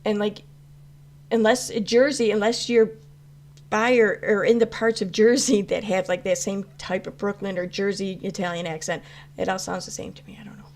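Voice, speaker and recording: A woman talks off the cuff to her livestream chat in a middle-pitched voice. She rambles, backs up, and restarts her sentences, with fillers all through. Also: level tone, normal speed, a little hiss or hum. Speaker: YouTube commentary host answering live chat. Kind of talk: casual live-stream chat.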